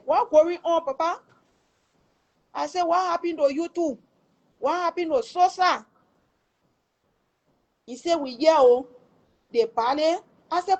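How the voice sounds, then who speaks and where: A middle-aged woman with a Liberian English accent tells an emotional story about a family tragedy, acting out the quoted lines with exclamations. Her voice sits high and a little mellow, and the recording quality is low.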